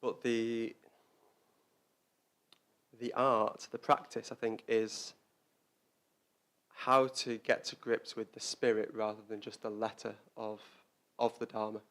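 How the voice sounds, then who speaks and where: A man's voice: fairly low pitch, little pitch movement, slow, pauses often, fairly bright tone. A man giving a Dharma talk as a Buddhist teacher, speaking reflectively and often repeating words as he searches for them.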